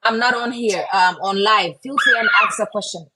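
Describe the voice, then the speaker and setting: A woman's voice: medium pitch, normal speed, heavy background noise. A woman and mother chatting on a live stream, encouraging viewers and often ending lines with "right?". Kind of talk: casual live-stream chat.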